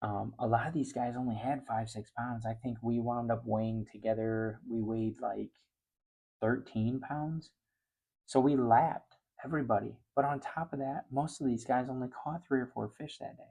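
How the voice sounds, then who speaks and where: A middle-aged man hosting a fishing show, telling a story casually and growing loud and high-pitched when he gets excited. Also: moderate pace, gravelly.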